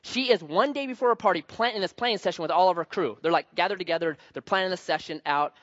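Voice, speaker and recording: High-voiced animated man preaching. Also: fast, lo-fi sound. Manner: animated, joking, conversational. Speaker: pastor. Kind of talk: sermon.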